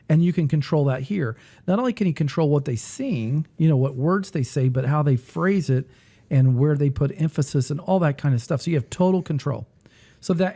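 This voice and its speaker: Gravelly man demoing music software. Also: mid-range voice. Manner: rambling, thinks aloud while clicking through software. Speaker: music teacher and podcast host. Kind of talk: casual demo talk.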